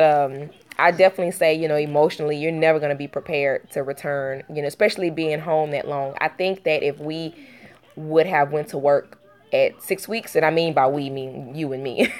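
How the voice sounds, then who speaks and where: Young woman, mother, low voice, casual vlog chat, rambling, lots of fillers, earnest, emotional. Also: darkish tone. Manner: rambling, with many fillers and restarts. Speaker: vlogger and mother.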